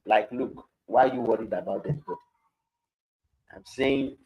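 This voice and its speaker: A man's voice: medium pitch, unhurried, darkish tone, slightly rough, rough recording. A man with a Nigerian accent leading a live-streamed Bible study, reading scripture aloud and then explaining it in Pidgin-laced commentary.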